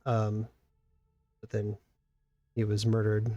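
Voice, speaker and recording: A man acting as game master, narrating and explaining slowly with many pauses and fillers. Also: on the low side, monotone, warm tone, highs cut off. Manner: slow and halting, many ums.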